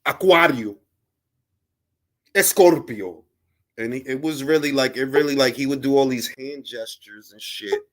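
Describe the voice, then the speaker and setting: A man's voice: medium pitch, fairly even intonation, fairly quick, hardly any pauses. A man hosting a casual boxing podcast, telling stories in slangy English with Spanish phrases thrown in. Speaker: podcast host. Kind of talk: casual panel chat.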